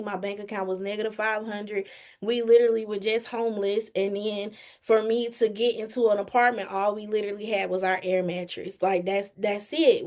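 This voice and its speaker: A woman giving an earnest, emphatic testimony on a group call, talking straight to her listeners. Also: mid-range voice. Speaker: team member giving a testimony. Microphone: phone or video call.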